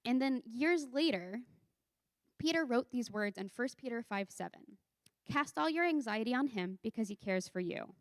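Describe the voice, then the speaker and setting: A woman's voice: on the high side, expressive, normal speed, no room sound. A woman youth leader preaching a sermon in a conversational, emphatic way, often asking rhetorical questions.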